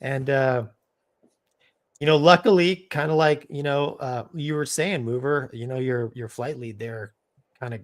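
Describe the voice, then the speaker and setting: In an unhurried, medium-pitched voice, a middle-aged live-show co-host and former Navy fighter pilot relates a casual story. He's animated throughout, laughing mid-sentence and falling back on "man" and "dude."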